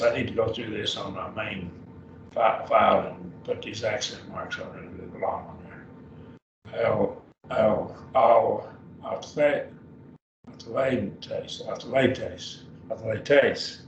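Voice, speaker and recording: A man teaching a Greek class, slowly sounding out words and repeating each one several times, with self-correcting asides. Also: fairly low pitch, creaky. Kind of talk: classroom lesson. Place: church classroom. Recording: roomy, distant, dull lo-fi with faint noise.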